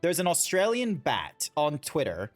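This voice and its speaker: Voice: mid-range voice, huge pitch swings, unhurried. A streamer chatting casually while playing, rambling with lots of fillers. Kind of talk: casual chat while gaming. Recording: background music under the voice.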